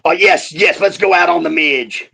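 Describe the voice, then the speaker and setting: A man's voice: on the high side, normal speed, sharp tone. A man telling rowdy, profane wrestling stories in casual chat. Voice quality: gravelly. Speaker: wrestling guest.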